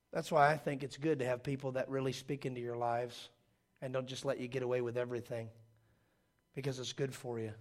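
A middle-aged man preaching a sermon, telling stories and acting out quoted voices in an animated, jokey way. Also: medium pitch. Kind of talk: sermon with storytelling.

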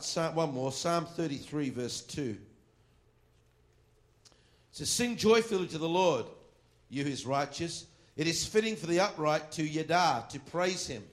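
Preaching about worship, a man with a fairly high voice reads scripture with slow, firm delivery, now and then dropping to quiet asides.

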